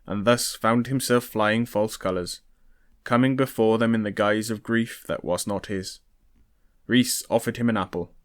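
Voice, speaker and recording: Low-voiced man reading a novel aloud. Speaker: audiobook reader. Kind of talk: novel read-aloud narration.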